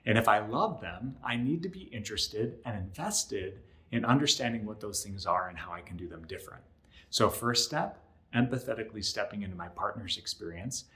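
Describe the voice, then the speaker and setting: A man's voice: on the low side, expressive, a little fast, fairly bright tone. A male relationship counselor explaining to camera in a conversational way, often checking in with "right?" and acting out short example lines. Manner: acts out short example lines in other voices. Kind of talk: educational talk to camera.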